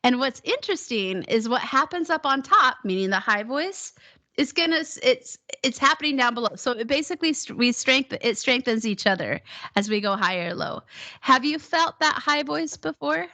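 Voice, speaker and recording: Woman singing teacher, high lively voice, keeps cheering her student on. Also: normal speed. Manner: encouraging, demonstrates whoops in head voice. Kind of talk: one-on-one voice lesson.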